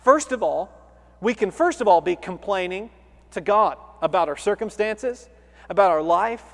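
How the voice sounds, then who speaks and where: Male preacher, high voice, earnest and emphatic, expository sermon, long hall reverb. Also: expressive, normal speed. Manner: earnest, emphatic, with swings between loud stresses and quiet low asides.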